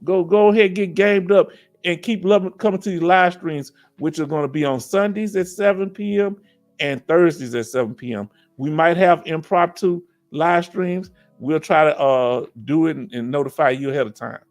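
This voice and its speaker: Soft background music plays as a Southern-accented, middle-aged host runs a relaxed veterans' live stream. Speaking at a moderate pace in a high-leaning voice, he reads comments from viewers, preaches animatedly, and keeps checking in with "you understand?".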